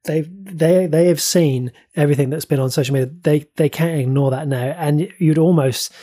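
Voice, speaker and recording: A man co-hosting a casual podcast, talking earnestly and often stumbling over repeated words. His voice is husky and dark in tone, sitting a little high for a man. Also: moderate pace. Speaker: podcast co-host. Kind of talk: casual pop-culture chat.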